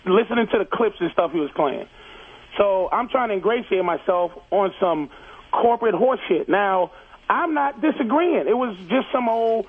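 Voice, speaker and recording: A man's voice: high-pitched, expressive, moderate pace, slight background noise. A man comedian calling in to a radio show, insistently retelling his side with profanity in a heated argument, over a tinny phone line. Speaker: comedian caller.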